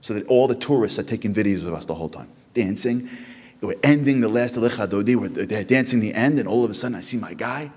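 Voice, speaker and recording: Casting note: American man, storytelling speaker, very lively pitch, slightly husky, long hall reverb. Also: fast talker. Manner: animated, acts out quoted voices in a high pitch. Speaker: Jewish speaker. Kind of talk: storytelling talk to an audience.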